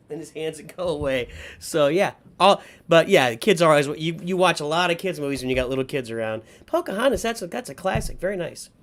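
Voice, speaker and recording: A middle-aged man with a slightly higher-pitched voice hosts a casual livestream. He rambles through memories in a nostalgic tone and keeps breaking off to answer viewers in the chat. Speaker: livestream host.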